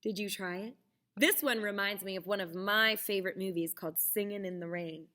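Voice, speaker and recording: A young adult woman teaching theater to children, encouraging and speaking with clear enunciation. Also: mid-range voice, fairly quick, sharp tone. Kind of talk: children's lesson.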